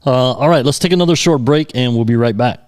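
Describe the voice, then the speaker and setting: A man's voice: medium pitch, quick pace, darkish tone. Man hosting, short friendly reactions. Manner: brief reactions and laughs. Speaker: podcast host. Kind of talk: casual interview.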